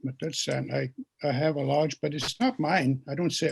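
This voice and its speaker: A man speaking as a guest speaker, telling stories in a gentle teaching way and having listeners repeat words after him. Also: fairly high pitch, fairly even intonation, normal speed, gravelly, a little hiss or hum. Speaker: guest speaker and pipe keeper. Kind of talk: storytelling teaching talk.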